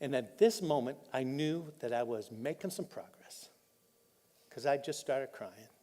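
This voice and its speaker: A man pastor, preaching a candid, personal sermon that drops soft and choked up when he is moved. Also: medium pitch, animated, unhurried. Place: church auditorium. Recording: live in a reverberant church hall.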